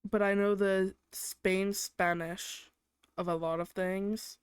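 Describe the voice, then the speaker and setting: A woman's voice: medium pitch, level tone, slow pace, clear, resonant tone, no room sound, clean studio sound. A young woman from England, hosting her own show, ranting casually with a lot of swearing and filler "like"s. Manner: exasperated, swears a lot, heavy use of "like". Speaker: podcast host.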